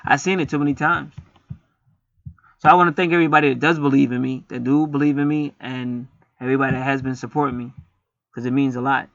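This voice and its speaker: A man's voice: mid-range voice, fairly bright tone, no echo. A man reading an astrology chart aloud in a rambling, profane, joking monologue. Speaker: astrology reader. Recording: slightly muffled lo-fi recording.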